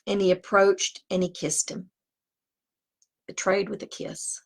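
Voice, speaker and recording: A woman's voice: medium pitch, little pitch movement, a little slow. A woman teaching scripture, reading the text aloud and breaking off into conversational asides. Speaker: Bible teacher.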